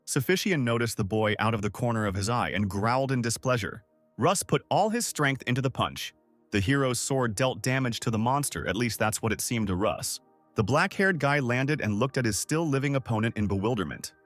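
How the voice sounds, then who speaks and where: A man narrating a scripted story recap in a steady storytelling manner, reading the quoted lines without doing voices. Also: mid-range voice, brisk, no room sound, soft background music.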